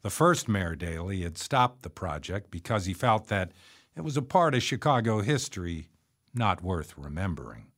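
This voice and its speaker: A man narrating his memoir in a measured, reflective storytelling manner. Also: deep voice, sing-song, a bit bright.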